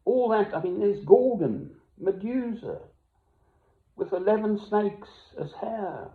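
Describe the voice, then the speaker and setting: An older man talking in a rambling personal monologue, musing and wandering, swinging between loud and hushed. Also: high voice, animated, slow pace. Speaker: self-made video speaker. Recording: echoey room, tinny phone-like sound.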